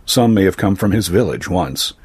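A male narrator reads a fantasy tale in a measured, even manner. His voice is low and slightly husky. The recording is dry and close, with no room sound. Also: no room sound. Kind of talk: scripted story narration.

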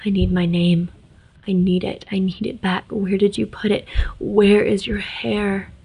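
Woman reading as Mason, a soft-spoken hungry ghost. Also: mid-range voice, little pitch movement, measured pace, vocal fry, slightly rough, heavily acted, poor audio. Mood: desperate. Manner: soft, hushed, half-whispered.

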